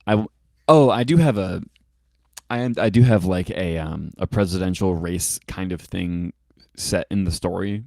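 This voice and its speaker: Very deep-voiced man rambling as a guest. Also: moderate pace, creaky, dark tone, no room sound, studio quality. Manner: meandering, thinks aloud with many restarts. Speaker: podcast guest, author and musician. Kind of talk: casual chat.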